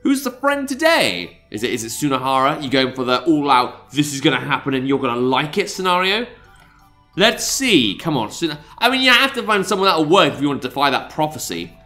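A man's voice: mid-range voice, lively intonation, a little fast, bright, forceful tone. A man hosting a visual novel let's play, reading lines aloud and joking between them with frequent laughs. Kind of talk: casual let's play commentary with read-aloud voices. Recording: game music behind the voice.

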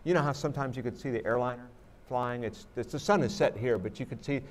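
Fielding audience questions in a museum auditorium, this astronaut guest talks reflectively, with frequent restarts and many "you know"s. He speaks fast in a medium-pitched voice, against slight background noise.

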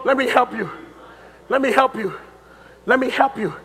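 A man preaching a fiery sermon in a church, chanting and shouting at the peaks and dropping low in between. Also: moderate pace, big-room sound. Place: church sanctuary.

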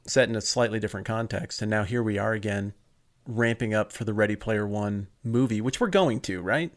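Speaking fairly quickly in a fairly low voice, a man co-hosts a podcast, keeping the chat casual and the humor dry and teasing.

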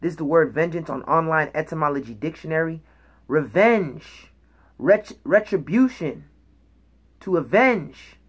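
A woman's voice: deep voice, expressive, measured pace, husky. A woman teaching the Bible in an emphatic preaching style, reading verses aloud and checking in with her listeners after each point. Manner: emphatic, checks in with "okay?" and "all right?"; reads scripture aloud and explains words.

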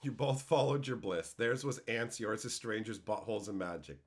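A man streaming live, chatting casually with his viewers in a loose, profane way that breaks into loud exclaiming. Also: lowish voice, moderate pace, slightly rough. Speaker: streamer answering chat.

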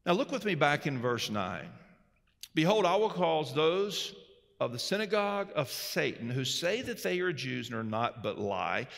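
A man preaching a sermon, emphatic and earnest, moving between raised exhortation and quiet storytelling. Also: medium pitch, big pitch swings, moderate pace, gravelly, hardly any pauses. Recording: long hall reverb.

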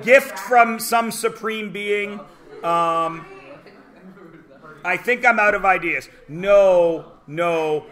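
A man in his forties teaching high school math in a classroom, in a high, bright voice. He turns the lesson into stand-up, throwing theatrical asides and now and then shouting for effect. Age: 40s. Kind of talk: joking classroom lecture.

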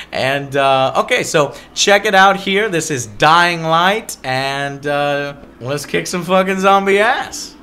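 A man hosting a gaming video, giving casual gameplay commentary that swings into excited, profane shouting. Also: a little high.

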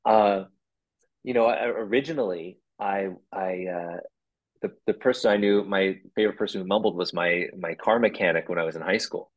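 A man's voice: sits low, normal speed, lo-fi sound. A man talking as a guest in a casual interview, reflective and rambling, with lots of restarts. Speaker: guest puppeteer.

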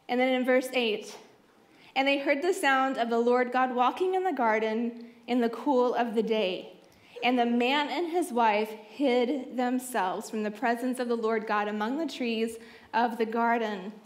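Woman, young adult, high voice, sermon, expressive storytelling, playful asides, soft hushed moments. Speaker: youth conference speaker. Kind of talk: sermon, Bible teaching. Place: conference stage.

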